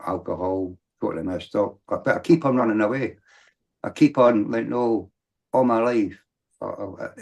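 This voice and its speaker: A middle-aged man with a gravelly, fry-heavy voice. He tells his story as a guest in loose, rambling sentences, restarting often and then rising into emphatic bursts. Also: lowish voice, a little mellow. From Britain. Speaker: podcast guest. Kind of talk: candid storytelling.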